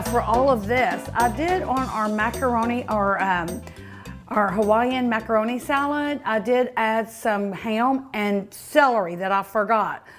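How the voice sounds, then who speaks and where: A woman hosting a cooking show, tasting her food with many delighted mmms and chatting to her dog and her viewers. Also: a little high. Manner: sometimes talks with mouth full. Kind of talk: casual food tasting vlog.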